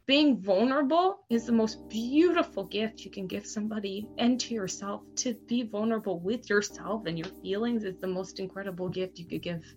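A woman in her thirties, a TV news host, telling a personal story candidly as a podcast guest, halting and restarting often. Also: mid-range voice. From Canada.

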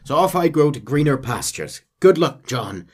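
A man's voice: medium pitch, sing-song, normal speed, slightly rough, voice pushed up. A man voicing a cheeky, blunt drifter while reading a game's farewell scene aloud. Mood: teasing.

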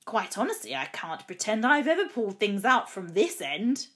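Woman reading as a gleeful male dentist, greedy, loud cheerful exclamations, storybook poem. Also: medium pitch, sing-song, moderate pace.

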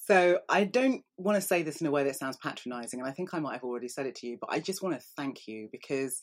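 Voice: medium pitch, lively intonation, fast. An interviewer asking earnest, appreciative questions in a conversational way.

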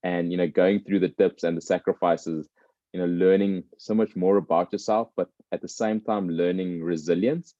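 Deep, mellow-voiced former player. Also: male voice, fairly even intonation, moderate pace, no room sound, muffled recording. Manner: thoughtful, tells stories with voiced characters. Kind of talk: reflective conversation.

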